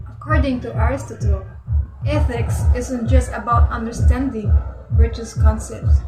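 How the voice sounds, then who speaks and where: A woman presenting a school lesson, reading a scripted explanation in a steady, plain tone. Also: a little high, moderate pace. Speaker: student presenter. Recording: echoey, far from the mic, music behind.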